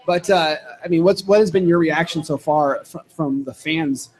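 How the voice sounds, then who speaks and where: A man's voice: fairly high pitch, moderate pace, darkish tone, low-quality recording. A young man co-hosting a casual fan podcast, rambling with restarts and laughs. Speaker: podcast co-host. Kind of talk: casual chat.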